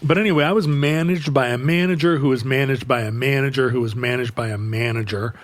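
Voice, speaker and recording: A man co-hosting a podcast, telling a long rambling work story in casual chat, jumping high when he quotes people. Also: fairly even intonation, quick pace. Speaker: podcast co-host.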